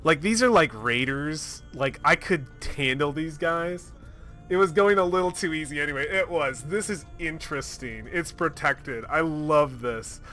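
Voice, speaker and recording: A man narrating his solo tabletop game in casual chat. He is excitable and swears freely, with a lot of laughing. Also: fairly high pitch, measured pace, soft background music. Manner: excitable and profane, laughing often.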